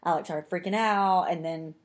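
Young woman, low voice, casual chat, chatty, lots of "like". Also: moderate pace. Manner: chatty, says "like" constantly. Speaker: storyteller.

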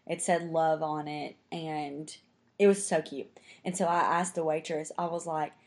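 Young woman, low voice, casual chat, chatty, lots of "like". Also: fairly even intonation, unhurried, darkish tone. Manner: chatty, says "like" constantly. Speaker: storyteller.

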